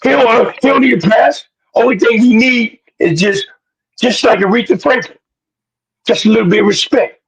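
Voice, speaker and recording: A man co-hosting a boxing podcast, loud and preachy, full of slang, sometimes shouting. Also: extremely high pitch, normal speed, vocal fry, husky, low-quality recording. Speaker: podcast co-host. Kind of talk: animated boxing talk.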